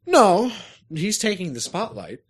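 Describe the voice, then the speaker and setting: A man's voice: high-pitched, wildly swooping pitch, measured pace, husky. A man in casual chat, describing a game at length and searching for words. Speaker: podcast co-host reviewing a game.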